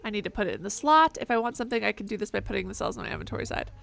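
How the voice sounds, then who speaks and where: A woman streaming a video game, giving casual commentary in an animated, sweary, self-mocking way. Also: mid-range voice, rapid-fire, creaky. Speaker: gaming streamer.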